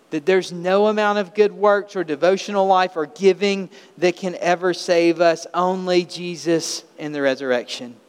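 A man's voice: high voice, clear, resonant tone. A man preaching a sermon as pastor, earnest and emphatic, asking his congregation rhetorical questions. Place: church sanctuary. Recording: long hall reverb in a church.

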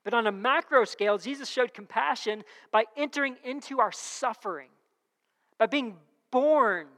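A woman's voice: on the high side, moderate pace, fairly bright tone, in a large hall. A woman preaching a sermon in a conversational way, repeating key phrases and reading scripture aloud.

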